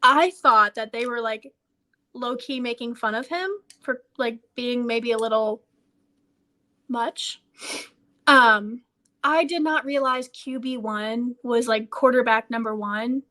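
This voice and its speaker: A young woman chatting as a podcast co-host, her voice bright and sharp and pitched a bit high. She tells stories in a gushy, animated way. "Like" and "literally" come up in nearly every sentence. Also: takes it slowly. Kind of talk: casual chat.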